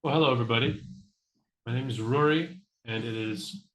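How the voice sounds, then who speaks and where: A man's voice: medium pitch, brisk, reverberant, low-quality recording. A man giving a genial, slightly showy introduction as a tabletop player on a stream.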